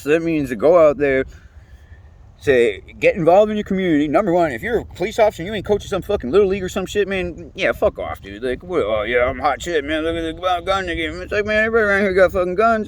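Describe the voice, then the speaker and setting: A man, ranting casually, rambling and swearing often. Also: on the high side. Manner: profane, rambling, animated, laughs often. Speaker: interviewee. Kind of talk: casual rant.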